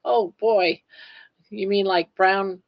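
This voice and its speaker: A woman's voice: mid-range voice, steady tone, slow. A woman co-hosting a casual live chat, easygoing and full of fillers. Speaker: co-host guest. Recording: dull lo-fi audio.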